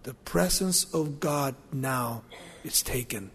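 A man preaching a sermon, retelling a story with lively, acted-out dialogue. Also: medium pitch, slow, husky. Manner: animated retelling, acting out quoted voices. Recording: long hall reverb.

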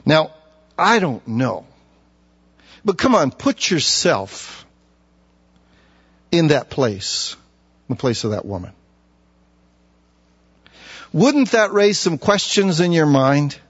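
A man's voice: on the high side, very animated, slow, long pauses, husky. A man preaching an expository sermon, conversational and emphatic, with many rhetorical questions, on a dull recording.

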